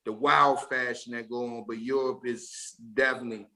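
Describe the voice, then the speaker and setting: This guest rapper from Washington DC tells stories in a laid-back, rambling podcast conversation, often restarting his sentences. His mid-range voice is steady, bright and forceful, moving at a normal speed.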